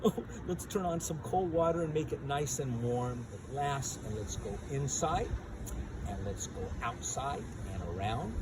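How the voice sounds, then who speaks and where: A man leads a lesson for preschool children, telling a fairy tale and acting out every gesture as he goes. His pitch leaps and dips with lively range. There is clear noise in the background of the recording. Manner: animated, acts out voices and gestures. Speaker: pre-K teacher. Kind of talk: storytelling lesson for young children.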